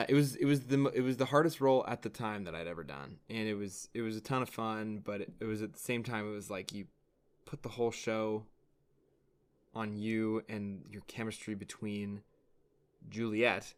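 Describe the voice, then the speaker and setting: A man's voice: fairly low pitch, steady tone, moderate pace, clear, resonant tone. A young man co-hosting a podcast in casual chat, rambling with many fillers and restarts. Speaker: podcast co-host.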